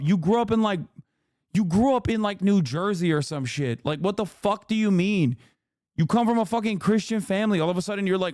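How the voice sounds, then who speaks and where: A man rants through his livestream commentary in a high, tense voice, swearing constantly and sounding exasperated. The sound is dry and close, with no room around it. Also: fairly quick, darkish tone, no room sound. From Muslim-majority country. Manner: profane, ranting, exasperated. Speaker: streamer reacting to a video.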